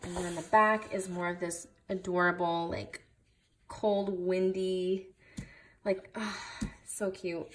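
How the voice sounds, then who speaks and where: A woman's voice: lowish voice, fairly even intonation, slow, noisy background. A young woman showing off craft supplies in a casual vlog, gushing over each item with lots of fillers. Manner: gushing, enthusiastic, many fillers. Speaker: craft vlogger. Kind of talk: casual haul video chat.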